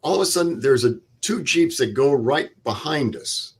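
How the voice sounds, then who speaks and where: An older veteran speaks in an interview at an ordinary middle pitch. He tells his story in a plain, unhurried way, acting out what others said and stopping now and then to recall details. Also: animated, breathy edge. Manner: plain vivid retelling with quoted dialogue and pauses. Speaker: veteran guest.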